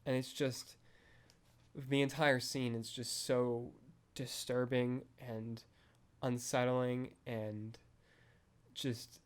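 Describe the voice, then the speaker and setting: A young man talks through a film in a loose, rambling podcast chat, dropping "like" and "um" all the time. His pitch sits in a middle range, and his delivery stays flat and even with little rise or fall. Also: very slow, pauses often. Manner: rambling, heavy use of "like" and "um". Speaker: podcast host reviewing a film. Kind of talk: casual chat.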